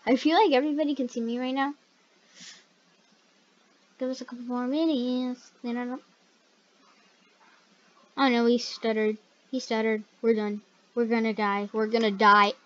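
A woman hosting a gaming video, chatting casually through the play, chatty and excitable and yelping when startled. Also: on the high side, moderate pace, long pauses. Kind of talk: casual gameplay commentary. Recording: dull lo-fi recording.

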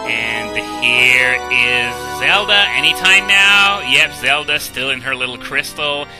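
A man's voice: mid-range voice, lively intonation, slow pace, low-quality recording. A young man giving casual gameplay commentary, chatty and self-deprecating, with frequent "uh"s and "um"s. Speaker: let's play commentator. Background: video game music.

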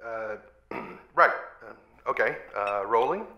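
A man's voice: lowish voice, expressive, slow pace, sharp tone, reverberant, heavily acted, rough recording. A man playing a hesitant, stammering male recording engineer who politely corrects the talent.

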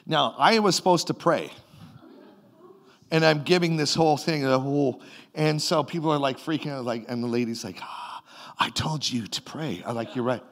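A Canadian man, a pastor, telling a dream and a vision in a sermon, with his voice swinging between loud bursts and quiet moments. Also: medium pitch, normal speed. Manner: animated, retells a vision in a rising and falling voice. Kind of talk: sermon storytelling.

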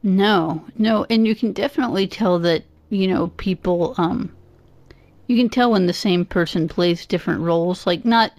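A woman's voice: lowish voice, normal speed, darkish tone, no echo, studio quality. A woman on a casual podcast chat who talks thoughtfully and hesitantly, with many fillers. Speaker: podcast guest co-host.

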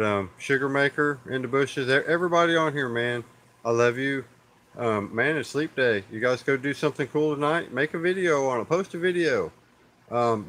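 A man's voice: medium pitch, a bit bright. A man with an Oklahoma accent, hosting a live stream in a loose, rambling way, full of fillers and "y'all" to his viewers. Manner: laid-back, rambling with many fillers, calls viewers y'all. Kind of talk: casual live-stream chat.

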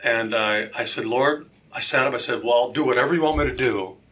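A man sharing his personal testimony as a talk show guest, animated and acting out the voices of the people in his stories. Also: mid-range voice, fairly quick. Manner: animated, acts out quoted voices. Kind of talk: storytelling testimony.

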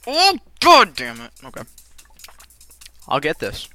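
A let's play gamer giving live commentary who rages and swears, with sudden yells between low muttering. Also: wildly swooping pitch, takes it slowly, no echo. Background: faint game music.

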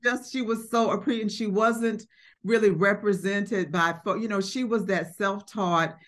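A middle-aged woman recounting memories in a relaxed, conversational way, her voice sitting at an ordinary middle pitch. She pauses on fillers and restarts, then brightens when quoting others. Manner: reflective, warm storytelling with acted quotes and frequent fillers. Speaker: art collector. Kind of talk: conversational storytelling.

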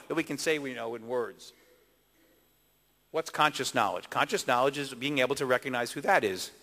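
A man's voice: a little high, pushed and bright, in a large hall. A man giving a conference lecture, using rhetorical questions and emphatic repetition. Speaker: keynote lecturer.

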